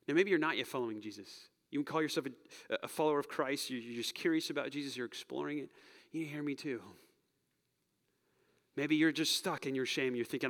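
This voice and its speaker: A man preaching and then praying in a church, earnest, rising to loud urging and dropping to soft whispers. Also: medium pitch, quick pace. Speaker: pastor. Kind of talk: sermon and closing prayer. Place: church sanctuary. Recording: long hall reverb.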